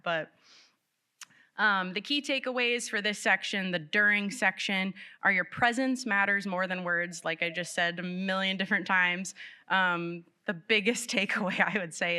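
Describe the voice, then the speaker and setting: A woman who teaches special education gives a live presentation to parents in a library meeting room, speaking in an animated, conversational way with light laughs. Her voice is lowish and clean, at a moderate pace.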